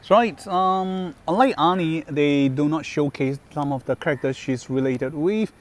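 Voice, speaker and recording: A male gaming host talks casually about a game character. His voice sits a little high for a man, and he speaks slowly. He often stops to correct himself and fills gaps with "um" and "like". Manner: halting, with many fillers and self-corrections. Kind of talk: casual commentary on game voice lines.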